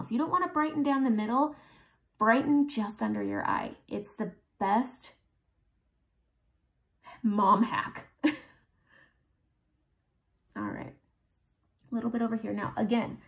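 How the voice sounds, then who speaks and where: A woman hosting a makeup tutorial, chatting casually as she talks through each step she applies. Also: mid-range voice.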